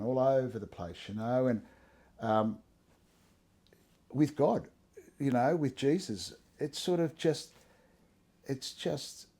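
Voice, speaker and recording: Earnest man, mellow voice. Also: mid-range voice. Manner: earnest, conversational, frequent restarts and "you know". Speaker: interviewee sharing his testimony. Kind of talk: casual interview.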